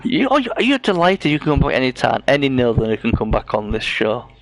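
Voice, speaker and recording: Brief: male host, playful banter, steady mid-pitched voice. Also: quick pace, vocal fry, no room sound. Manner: banter, swearing, playful teasing. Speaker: podcast host. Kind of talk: casual chat.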